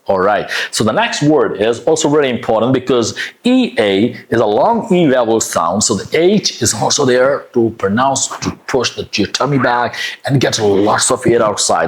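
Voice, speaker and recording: A man teaching pronunciation, sounding out words slowly with exaggerated, breathy H sounds and encouraging praise. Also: medium pitch. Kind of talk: phonics lesson, modeling words slowly.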